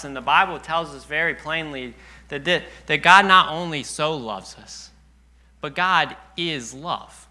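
A man's voice: a little high, a little slow, sharp tone. A young man preaching a sermon in a church, telling earnest personal stories, at times choked up.

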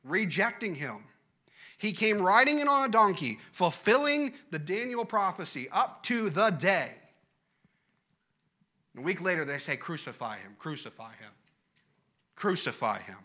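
A man preaching a sermon, emphatic, repeating key phrases and dropping from loud declarations to hushed, quiet lines. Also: high-pitched, big pitch swings, measured pace, long pauses.

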